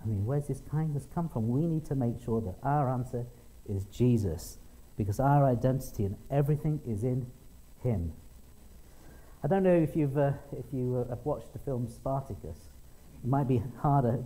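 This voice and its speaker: Through poor audio comes a warm, mid-range male voice: a middle-aged man giving a sermon in a conversational style. He tells stories, restarts sentences, and voices the people he quotes in small acted tones.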